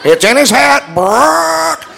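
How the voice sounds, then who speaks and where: A man voicing a tattletale male parrot that gives away a magician's tricks, in a shrill, squawking voice. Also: sing-song, slow, creaky, bright, forceful tone, slight background noise, full character voice. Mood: tattling. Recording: reverberant hall.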